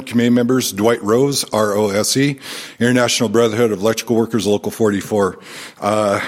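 A man testifying for a labor union at a committee hearing, halting and filling pauses with ums as he goes. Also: medium pitch. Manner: halting, many fillers and restarts. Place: legislative hearing room.

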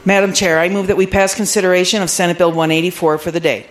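Man, majority leader, high voice, quick formal motions. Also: level tone, poor audio. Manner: brisk, formulaic motions.

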